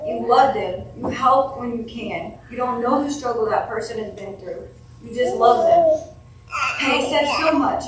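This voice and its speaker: A woman delivers a eulogy from her notes in a funeral home chapel, her slightly high voice halting and emotional. She is heard from a distance in a very echoey hall, with faint room noise behind her. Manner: emotional, halting, with restarts and soft laughs. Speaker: family member giving a eulogy.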